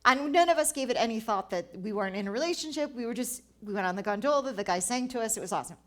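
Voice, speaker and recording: A woman's voice: a little high, lively intonation, very fast. A woman telling personal travel stories at a live event, acting out dialogue and laughing often. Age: 40s. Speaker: travel writer and speaker. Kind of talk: storytelling talk at a live event.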